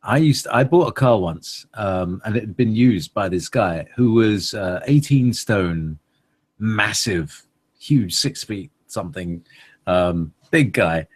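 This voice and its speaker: A man's voice: on the low side, animated, slow pace, slightly rough. A man, co-hosting a radio chat. He rambles playfully, with many fillers and laughs. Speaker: co-host.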